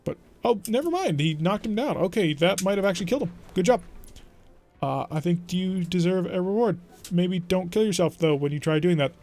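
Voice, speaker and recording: A man's voice: high voice, brisk, darkish tone. Male wry, chatty gameplay streamer. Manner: chatty, wry, mock-exasperated. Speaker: gaming streamer. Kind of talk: let's play gameplay commentary.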